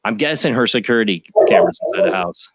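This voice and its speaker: A man's voice: medium pitch, quick pace, no room sound. A man hosting a paranormal talk show, reading stories aloud in a rambling, easily sidetracked way with chuckles. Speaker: host of a paranormal radio show. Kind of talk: casual chat, reading news stories aloud.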